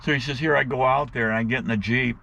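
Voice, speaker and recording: A man telling a rambling, folksy story to his viewers in a casual, animated way, with plenty of slang, and he calls them guys. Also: mid-range voice, quick pace, creaky. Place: outdoors.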